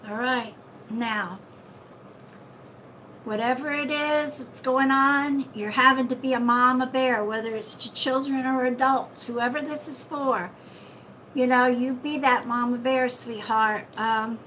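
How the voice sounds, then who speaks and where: A woman's voice: high voice, steady tone, measured pace, fairly bright tone, a little hiss or hum. A woman psychic medium giving casual card readings to viewers on a live stream, chatty and calling people sweetheart and darling.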